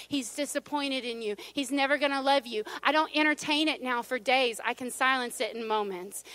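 A middle-aged woman preaching a sermon, conversational and humorous, dropping to a hush at times. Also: high-pitched, dry recording. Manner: conversational, humorous, drops to a hush for God's whisper. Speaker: pastor.

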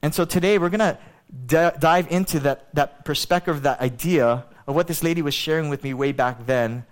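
A man preaching a sermon, telling a story in a chatty, animated way with many fillers. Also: on the high side, moderate pace. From Hawaii. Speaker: pastor.

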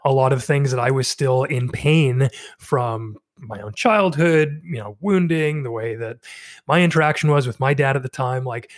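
A man hosts a casual interview and asks open, searching questions in a mid-pitched voice. The recording is dry and close. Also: normal speed, no room sound. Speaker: podcast host.

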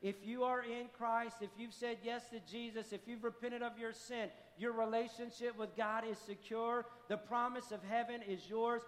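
High-voiced man preaching in a reverberant hall. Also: a bit bright. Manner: impassioned, repetitive declarations. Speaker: pastor. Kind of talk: sermon. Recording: long hall reverb, faint music.

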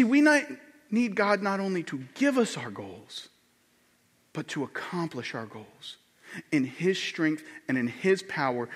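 Animated high-voiced man preaching in a hall. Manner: animated, acts out quoted voices with swings in pitch and volume. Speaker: pastor. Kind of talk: sermon.

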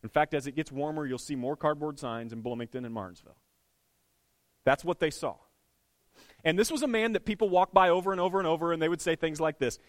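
Male pastor, casual storyteller in the pulpit, animated, slightly high voice, dry sound. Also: quick pace, no echo. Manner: conversational, animated retelling with chuckles and restarts. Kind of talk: storytelling sermon.

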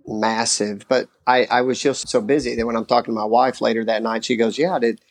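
A middle-aged man talking about parenting in a relaxed, earnest way. He tells stories warmly and lively and stresses his points. His voice sits at a medium pitch. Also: fairly quick. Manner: earnest, animated storyteller. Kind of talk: casual faith-based parenting discussion.

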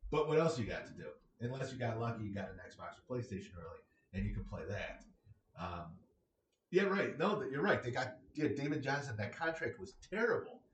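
Host type: wry guy griping and joking, recorded off-mic in a roomy space with faint hum behind. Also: mid-range voice. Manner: rambling and sarcastic, chuckling often. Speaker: podcast host. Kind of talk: casual monologue. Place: his home. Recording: echoey room, distant from the mic.

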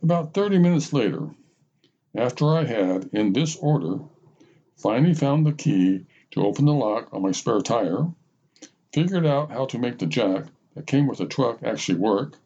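A man's voice: mid-range voice, expressive, moderate pace, warm tone, breathy edge. A man hosting a podcast and reading his own story aloud in the first person, wry and self-mocking. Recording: slightly dull lo-fi recording.

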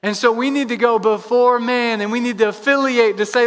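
Male pastor, sermon delivery, energetic and repetitive, high pitch, church hall echo. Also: fairly quick, few pauses. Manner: energetic, repeats phrases for emphasis. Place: church sanctuary. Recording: long reverb of a large hall.

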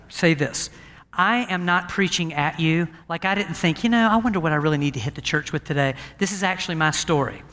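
A male pastor with a high, bright voice preaches in a relaxed, storytelling way, chatting with his congregation. His voice rings out with a long hall reverb around it. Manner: storytelling, conversational and animated. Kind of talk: sermon. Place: church sanctuary with a balcony.

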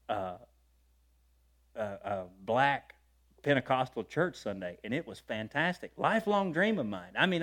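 A male preacher telling stories in a sermon in a folksy, conversational way, swinging between loud and quiet and often laughing. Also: on the high side. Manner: lively storytelling with wide swings in loudness and frequent laughter. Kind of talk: storytelling sermon.

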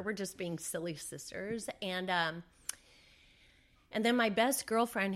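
A middle-aged woman speaks as an interview guest, telling a personal story in a loose, conversational way. She leans on fillers and plays back the words people said at the time. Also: fairly low pitch. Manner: conversational, with fillers and re-enacted dialogue.

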